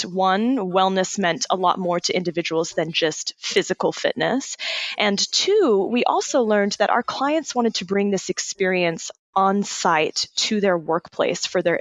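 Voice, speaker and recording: An upbeat, chatty woman from Australia who speaks with an American accent. Her voice sits at a middle pitch, and the recording sounds dry and close. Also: no echo. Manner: chatty, upbeat, laughs easily. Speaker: guest, startup co-founder. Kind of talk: casual interview.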